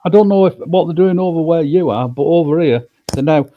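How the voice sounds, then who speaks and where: A man's voice: a little high, brisk, phone-quality sound. A man co-hosting a live chat, blunt and sweary, mostly murmuring along while his partner talks. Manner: frequent short listening murmurs, blunt swearing. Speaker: livestream co-host. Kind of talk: casual chat.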